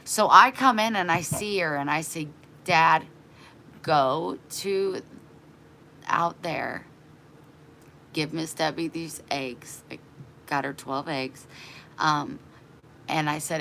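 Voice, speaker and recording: Woman vlogger with a bright, forceful voice on the low side, casually retelling a story with animated exasperation. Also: slow, vocal fry, pauses often, a little hiss or hum. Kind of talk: casual storytelling to a live chat.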